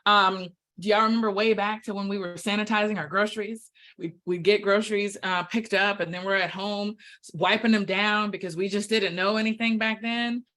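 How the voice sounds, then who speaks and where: Woman host, middle pitch, chatty and sincere, video-call sound. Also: fairly even intonation, moderate pace, fairly bright tone. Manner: heartfelt, chatty, many fillers. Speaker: staff town hall presenter. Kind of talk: virtual staff town hall remarks.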